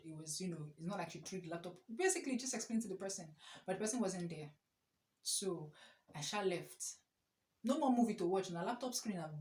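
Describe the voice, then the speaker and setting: A young woman telling an animated, exclamatory storytime story. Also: fairly low pitch. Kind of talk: casual storytime. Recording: echoey room.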